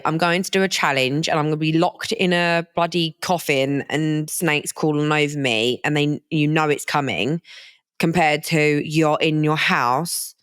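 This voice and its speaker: A woman's voice: deep voice, fairly bright tone, clear, resonant tone, dry recording, studio quality. A woman in her twenties co-hosting a podcast, chatting casually and teasing her partner. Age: 20s. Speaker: podcast co-host. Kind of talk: casual chat.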